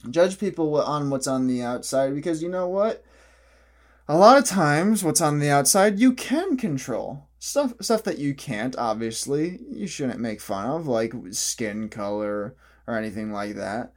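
A man's voice: fairly high pitch, animated, measured pace. A young man in a casual, opinionated vlog monologue who rambles, restarts often and laughs at his own jokes. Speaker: vlogger.

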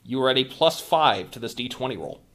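A man with a Midwestern accent runs a tabletop game as game master, speaking at a mid pitch. He narrates and keeps the rules moving in a relaxed, wry way. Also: brisk. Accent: Midwestern American.

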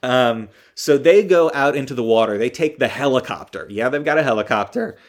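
Briskly and with lively intonation, a podcast host goes over a movie in his mid-range voice. He rambles and cracks jokes, often saying um and correcting himself along the way.

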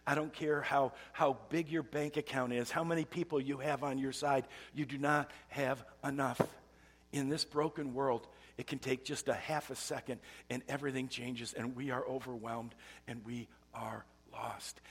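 A male pastor delivers a sermon in a gravelly, husky voice. He moves from loud, emphatic bursts to hushed, almost whispered lines as he tells his story. His words hang in the long reverb of a church sanctuary. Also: medium pitch.

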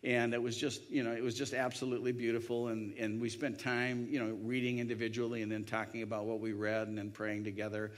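A man's voice: medium pitch, completely flat delivery, fast, hardly any pauses. Rambling male storyteller. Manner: rambling, with many restarts and voiced quotes. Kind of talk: anecdotal storytelling.

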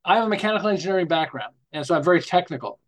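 Podcast guest: older man from Canada, a bit high-voiced, lively, rambling anecdotes. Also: very fast. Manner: rambling, animated anecdotes with restarts. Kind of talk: casual interview storytelling.

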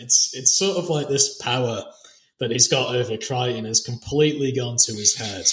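A man with a mid-range voice chats as a podcast co-host, excited about a TV episode and laughing often. He drops into put-on voices to quote lines. His voice carries a roomy echo. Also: medium pitch, moderate pace. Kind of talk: casual chat recapping a TV episode.

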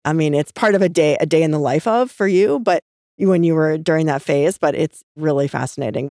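A woman hosting a podcast asks questions in a curious, halting way. Her voice sits low with a gravelly edge, and the recording is dry and close. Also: warm tone, no echo. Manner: curious, hesitant phrasing. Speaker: podcast host. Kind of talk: casual interview questions.

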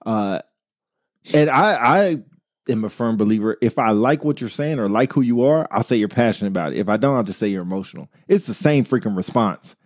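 This time the co-host's voice is fairly low and a little fast. He chats animatedly on the casual show, performing quoted comments to make his points, captured in clean studio sound with no room reverb.

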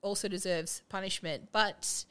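A woman's voice: mid-range voice, steady tone, a little slow, pushed and bright, clean tone. A woman co-hosting a podcast, chatting casually and animatedly as she recaps a TV show and quotes its characters. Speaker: podcast co-host.

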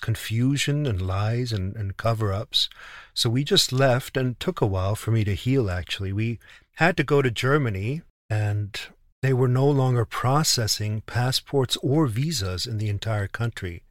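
A man recounts a journey in an indignant, casual way, often doubling and restarting his words. His voice sits at an ordinary middle pitch. The recording is close and dry. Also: moderate pace, no room sound. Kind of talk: casual storytelling.

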